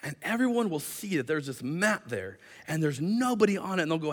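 A man preaching a sermon as pastor, animated, acting out the voices of the people in his story. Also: a little high, brisk, hardly any pauses. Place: church hall. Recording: long hall reverb.

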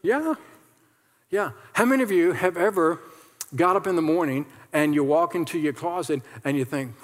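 Man, pastor, conversational sermon, slightly high voice, long echoing hall. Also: normal speed. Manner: conversational, acts out quoted complainers.

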